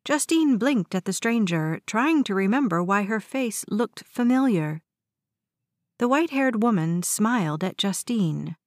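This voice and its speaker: A woman's voice: medium pitch, a little slow, no echo, clean studio sound. Woman reading a story aloud. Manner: steady, even storytelling. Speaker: narrator. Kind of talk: audiobook narration.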